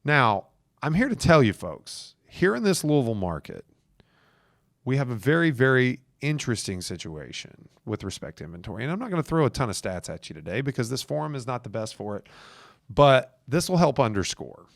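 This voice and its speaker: Brisk and sing-song, with vocal fry in his mid-range voice, a podcast host coaches real estate agents in a casual advice talk. He's emphatic and addresses listeners directly, and the clean studio recording has no echo.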